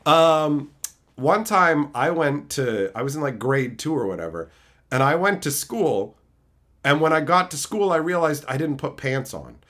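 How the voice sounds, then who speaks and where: Guy streamer cracking up and swearing while telling stories, voice jumps all over, kinda highish. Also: unhurried. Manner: animated, profane storytelling with frequent laughter. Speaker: streamer answering chat. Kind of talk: casual livestream chat.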